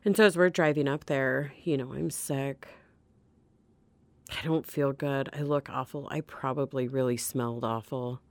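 A middle-aged woman with a low, deep-set voice tells her own recovery story in a candid, earnest way. She often breaks off and restarts her sentences. The recording is dry and close, with no room sound. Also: fairly even intonation, measured pace, darkish tone, dry recording. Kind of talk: personal testimony.

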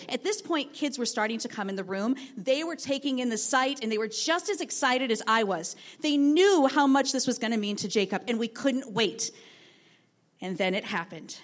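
A woman teacher telling a lively story from her classroom to an audience, acting out the voices of the people in it. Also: fairly high pitch, moderate pace. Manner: lively, animated storytelling with acted quotes.

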